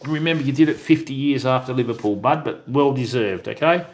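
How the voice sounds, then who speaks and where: A mid-range, slightly fast voice belongs to an Australian fishing stream host chatting on a casual live stream. He's friendly, says hello to viewers by name, and refers to people as mate and bud.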